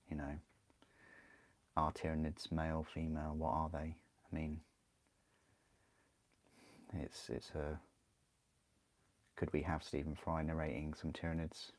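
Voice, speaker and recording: A man's voice: extremely low pitch, level tone, normal speed, pauses often, a little mellow. A man chatting casually on a livestream while building a model kit, rambling, answering chat and laughing often.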